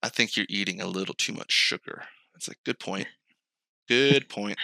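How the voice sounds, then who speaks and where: A man co-hosting a podcast in casual chat, animated and swearing, acting out outbursts. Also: fairly low pitch, normal speed, gravelly, dry recording. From California. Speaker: podcast co-host.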